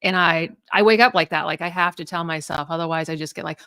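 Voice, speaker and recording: Woman in her 30s, co-host, rambling casual talker, slightly low pitch, very dry close sound. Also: steady tone, fast, pushed and bright, smooth, no room sound. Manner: chatty, rambling, many fillers and restarts. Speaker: podcast co-host. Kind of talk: casual chat.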